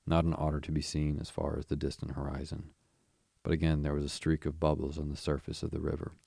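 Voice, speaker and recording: A man narrating a storybook in a steady, unhurried way, with a gravelly voice. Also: very deep voice, no echo, clean studio sound. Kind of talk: audiobook narration.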